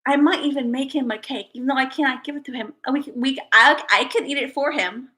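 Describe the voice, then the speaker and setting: Bubbly high-voiced woman streamer. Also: fast talker. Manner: bubbly, excitable, talks to viewers as guys. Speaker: livestream host. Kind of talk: casual livestream chat.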